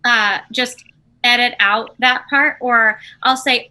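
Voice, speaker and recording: A woman co-hosting a podcast, telling relaxed stories in casual chat. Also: on the high side, a little slow, low-quality recording. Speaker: podcast co-host.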